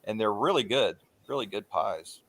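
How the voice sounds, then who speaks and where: A man's voice: lowish voice, lively intonation, a bit bright. Casual livestream host, male, loose and rambling, salty language, lots of ums and uhs. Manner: rambling, swears freely, frequent filler pauses.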